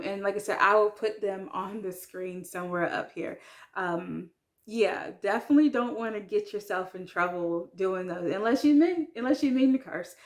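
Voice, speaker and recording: Talking casually to camera, an English-speaking woman who's learning French uses a medium-pitched voice. Her style is chatty and self-mocking, peppered with ums and likes, with French words pronounced slowly and with care.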